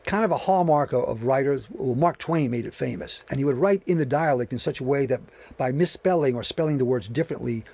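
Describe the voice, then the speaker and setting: A man's voice: mid-range voice, gravelly, a little mellow, husky. A man giving a history lecture, reading passages aloud and breaking off for conversational asides. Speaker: channel host.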